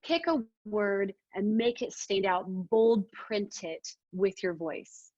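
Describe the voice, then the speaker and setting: A woman's voice: medium pitch, takes it slowly, dry recording. Lady trainer, punchy and emphatic, dull dry call audio. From Arkansas. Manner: energetic, emphatic, demonstrates vocal techniques. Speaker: presentation skills trainer. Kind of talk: webinar training talk.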